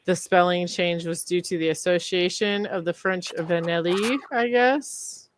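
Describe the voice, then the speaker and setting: A woman's voice: fairly low pitch, unhurried. A woman co-hosting a podcast in casual chat, chatty and teasing, who laughs easily. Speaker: podcast co-host.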